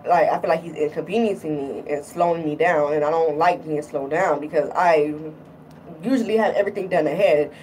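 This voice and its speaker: A woman's voice: sits low, brisk, darkish tone, distant mic, slight background noise, low-quality recording. A woman talking casually in a vlog, irritated and rambling, often repeating herself. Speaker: vlogger.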